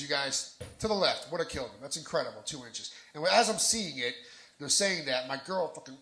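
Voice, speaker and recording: Talking fast in a fairly high, sing-song voice with a sharp tone, this New Jersey comic does a live set in a bar lounge. He's brash and profane, pulling the audience into his punchlines amid the crowd noise of the roomy bar.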